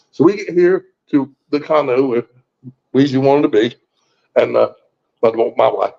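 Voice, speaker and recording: A man's voice: medium pitch, moderate pace, vocal fry, long pauses, darkish tone. A man in his sixties telling a personal story in a folksy, blunt way, swearing freely and often restarting his sentences. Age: 60s. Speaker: guest. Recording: muffled lo-fi recording.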